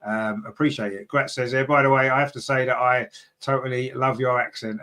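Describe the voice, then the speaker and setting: This is a man hosting a fan podcast, talking casually and reading out viewer comments. His voice sits at a middle pitch, and he rambles with plenty of fillers. He jumps up in pitch when he gets excited. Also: fairly quick. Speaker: podcast host.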